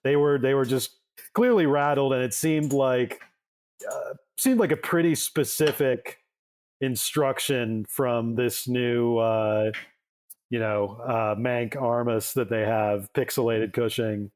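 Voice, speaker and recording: A man's voice: medium pitch, slow pace, darkish tone. A man co-hosting a sports podcast in casual chat, rambling with lots of fillers and restarts. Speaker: podcast co-host.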